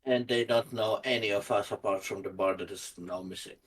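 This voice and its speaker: A man's voice: on the low side, fairly even intonation, brisk, slightly rough. A man speaking as a player in a tabletop game, asking questions in a dry way. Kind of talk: casual in-character chat.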